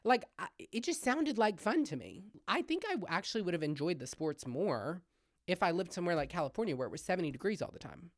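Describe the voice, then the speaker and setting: A man's voice: fast talker, no room sound, studio quality. A young man from Louisiana with a Southern twang, hosting a comedy podcast in a gossipy, self-deprecating chat. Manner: chatty, gossipy, self-deprecating, lively swings in pitch and loudness. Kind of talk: casual solo podcast chat. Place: home-made podcast set with hung backdrop.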